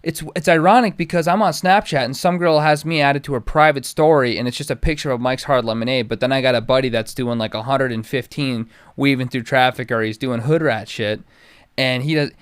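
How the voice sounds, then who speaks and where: A man's voice: medium pitch, a little fast, smooth, no room sound, clean studio sound. A young man as a podcast guest in casual chat, laid-back and joking with plenty of slang.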